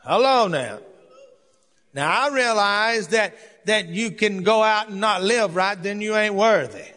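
Older pastor, fervent shouting sermon; very high, bright voice. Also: male voice, unhurried. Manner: fervent preaching, rising to shouts. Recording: long hall reverb.

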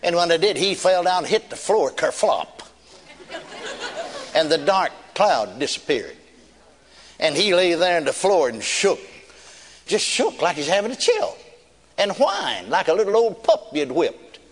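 A man's voice: sits high, sing-song, unhurried, long pauses, a faint crowd. Old guy preaching, folksy storyteller, repeats stuff for emphasis, big echoey hall. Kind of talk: sermon. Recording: long reverb of a large hall.

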